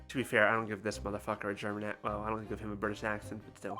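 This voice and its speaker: A man live-streaming a story game, reading along and reacting with sarcasm and sudden excited outbursts, sometimes swearing. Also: lowish voice, rapid-fire, few pauses, soft background music. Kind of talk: casual let's-play commentary.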